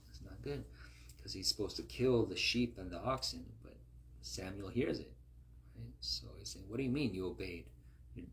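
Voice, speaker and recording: A man's voice: on the low side, a little hiss or hum. A man reading scripture aloud and explaining it in a conversational way, often checking in with his listeners. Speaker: Bible teacher.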